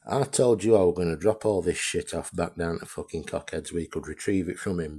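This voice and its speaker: Man with a very deep voice for a blunt, profane vlog rant. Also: darkish tone, slightly rough. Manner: blunt, heavily profane, repetitive. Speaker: amateur radio vlogger. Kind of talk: ranting video monologue.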